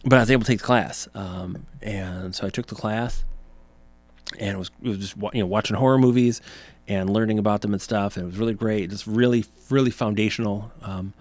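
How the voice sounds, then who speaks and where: A man's voice: fairly low pitch, steady tone, brisk, a little mellow, dry recording. A man in his forties hosting a podcast, telling childhood stories in a rambling, self-correcting way. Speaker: podcast host. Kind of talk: casual reminiscing monologue.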